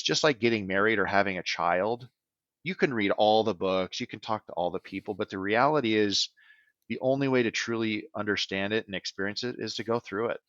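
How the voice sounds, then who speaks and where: A man's voice: lowish voice, fairly bright tone, no echo, lo-fi sound. A man who works as a business transition advisor, answering podcast interview questions in an earnest way and often checking in with "right?".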